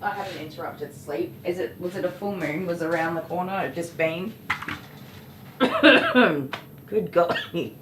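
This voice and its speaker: A woman's voice: fairly low pitch, steady tone, brisk. A woman, a dog groomer, hosting a casual livestream with joking, playful banter. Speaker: dog groomer and show host. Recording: echoey room, mic far off, background noise.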